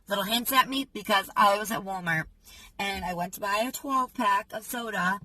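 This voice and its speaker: A young woman chatting casually in a self-help vlog, telling stories in an animated way with lots of fillers. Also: medium pitch, slightly rough, poor audio. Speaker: vlogger.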